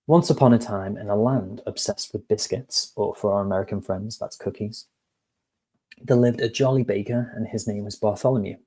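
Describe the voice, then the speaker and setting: A man's voice: lowish voice, brisk, mellow, breathy edge. Chatty man tutoring. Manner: chatty, addresses viewers directly. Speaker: HR course tutor. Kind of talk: casual lesson with storytelling.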